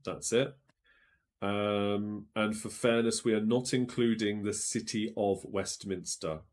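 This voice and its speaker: A man's voice: on the low side, fairly even intonation, takes it slowly, darkish tone. A man hosting a live-streamed quiz, chatting as he reads out viewers' guesses and checks them aloud. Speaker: quiz show host.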